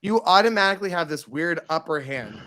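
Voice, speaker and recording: A man telling stories in casual podcast chat, animated and campy, slipping into quoted voices. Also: on the high side, brisk. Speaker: podcast guest.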